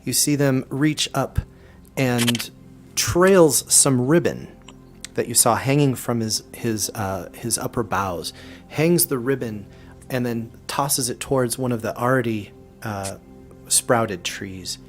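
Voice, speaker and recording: A man's voice: medium pitch, slow, faint music behind. A man running a tabletop game as game master, narrating casually with frequent restarts.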